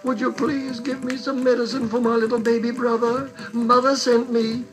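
A man's voice: very high voice, level tone, moderate pace, voice pushed up. A man voicing a timid little girl. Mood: pleading. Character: small girl pleading for medicine.

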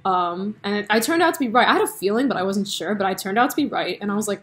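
A woman's voice: medium pitch, quick pace, few pauses. Chatty young woman vlogger. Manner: chatty, animated, lots of fillers and laughs. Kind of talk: casual chat about a TV show.

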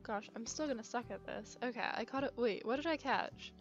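A woman's voice: fairly high pitch, fairly quick. A young woman talking casually and chattily to herself while playing a video game, over muffled game music. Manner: chatty, upbeat, self-talking. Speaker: gaming video creator. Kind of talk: casual gameplay commentary.

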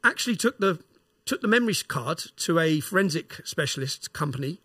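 English guy talking fast and high, husky, keeps going "yeah?", dry close sound. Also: lively intonation, bright, forceful tone, no echo. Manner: emphatic, fires "yeah?" tags at the listener. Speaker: podcast guest. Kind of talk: storytelling and ranting.

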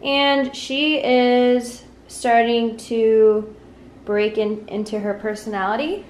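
A woman's voice: on the high side, steady tone, slow pace, slight background noise. A young woman vlogging casually about her new puppy, chatting to viewers and cooing to the dog.

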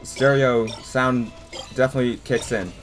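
A young man doing casual let's-play commentary, excitable and jumpy, talking to his viewers as he plays. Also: mid-range voice, measured pace, faint music behind. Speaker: gaming YouTuber.

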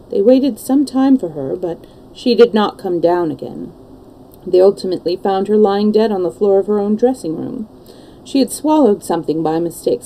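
A woman's voice: lowish voice, dark tone, slight background noise, rough recording. A woman reading the part of a worldly, cynical English lord in a storybook, languid and matter-of-fact.

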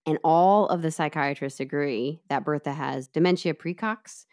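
A woman casually retelling a true-crime case to her co-host, chatty and lively, with asides. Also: low voice, moderate pace. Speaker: podcast co-host telling the case.

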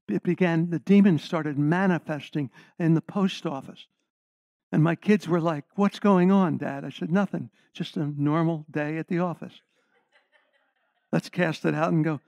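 A man's voice: a little high, a little mellow, no echo, muffled recording. An older man, a guest preacher, giving an earnest sermon and putting questions to the congregation.

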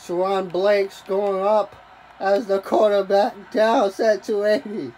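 Hyped man shouting over gameplay. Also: high voice, little pitch movement, slow, slight background noise, low-quality recording. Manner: chants and hypes, bursts into shouting and laughter. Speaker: gaming commentator. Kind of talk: excited gameplay commentary.

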